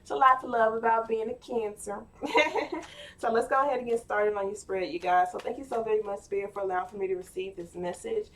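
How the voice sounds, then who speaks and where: A chatty, playful woman doing a casual tarot reading and talking straight to her viewers, full of filler words. Her voice sits at a middle pitch for a woman. She sounds a little away from the microphone. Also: brisk, a bit bright, far from the mic. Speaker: tarot card reader.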